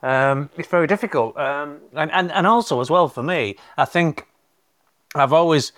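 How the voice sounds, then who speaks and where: Soft-spoken man, gentle and candid. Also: a little high, normal speed. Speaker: guest's husband. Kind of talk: casual chat.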